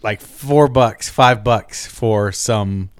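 A man hosting a casual podcast chat, talking in an animated, jokey way and swearing freely. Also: on the low side, extremely slow, smooth, no echo. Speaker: podcast host.

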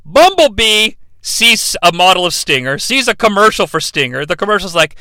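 A man's voice: high-pitched, big pitch swings, normal speed, hardly any pauses, sharp tone, dry recording. A man reviewing a movie in a sarcastic, profane, rambling comedic rant.

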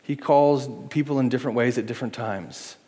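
A middle-aged man preaching a sermon as pastor, earnest and pleading, moving between hushed appeals and lively acted-out asides. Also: mid-range voice, fairly quick. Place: church sanctuary. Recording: long reverb in a large hall.

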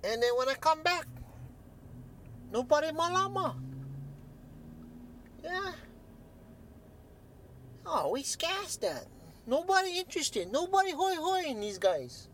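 A man's voice: very high-pitched, takes it slowly, pauses often, slight background noise, pitched above the performer's own voice, full character voice. A man putting on the voice of an older island uncle who grows plants, talking in Hawaiian Pidgin with emphatic feeling. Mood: aggrieved. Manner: excited, emphatic storytelling.

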